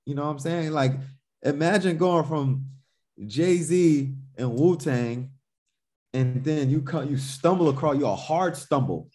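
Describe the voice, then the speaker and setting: A man's voice: on the high side, a little slow, warm tone. A man telling stories on a podcast in a laid-back, loose way, swearing freely and acting out his own past reactions. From Newark, New Jersey. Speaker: podcast guest, musician. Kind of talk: casual storytelling chat.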